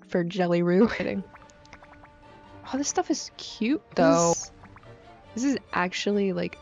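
Chatting excitedly about a game update, a young gaming YouTuber speaks at medium pitch, sprinkling in slang and fillers as she gives casual commentary. A handheld mic that peaks and overdrives picks her up, with a dull lo-fi sound and faint music.

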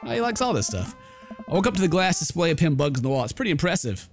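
A man's voice: fairly high pitch, big pitch swings, rapid-fire, soft background music. Joking let's-play host man. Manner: joking, laughs often. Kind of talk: game commentary, reading dialogue aloud.

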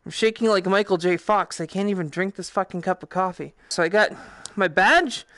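A woman with a Boston accent giving casual, profane, excitable commentary while playing a VR game. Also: mid-range voice, brisk, dry recording, studio quality. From Boston, USA. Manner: profane, excitable, thinking aloud. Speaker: VR game streamer. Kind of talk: casual let's-play commentary.

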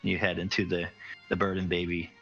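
A man's voice: sits low, flat delivery, fairly quick, over music. A man narrating as game master in a tabletop game, rambling with many fillers. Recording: dull lo-fi recording.

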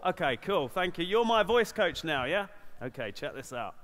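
High, animated comic storyteller. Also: male voice, moderate pace, a little hiss or hum. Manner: whimsical, playful, swooping between voices. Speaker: stand-up comedian. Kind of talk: stand-up comedy storytelling.

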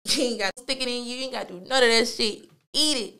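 A woman's voice: on the high side, fast talker, bright, forceful tone. A woman hosting her own show, telling a story in a laid-back, slangy way, cursing a lot and filling gaps with "like" and "you feel me". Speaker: podcast host. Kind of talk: casual storytelling monologue.

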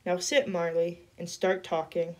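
A woman's voice: lowish voice, flat delivery, a little slow, close to an everyday voice. A woman reading aloud, voicing a firm, shrewd grown woman who sees through a lie. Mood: stern. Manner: firm, knowing.

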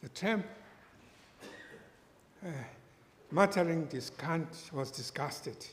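A man preaching a sermon, telling a story slowly and deliberately and acting out its characters. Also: high voice, expressive, a little mellow. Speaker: pastor. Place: church hall. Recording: echoey church hall with long reverb.

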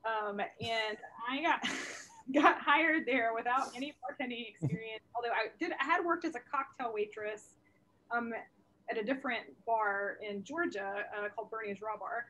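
Young woman, comedian, swearing freely, laughing through stories, video call, slightly high voice. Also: normal speed, a little hiss or hum. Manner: animated, profane, laughing storyteller. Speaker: comedian guest. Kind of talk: casual storytelling interview.

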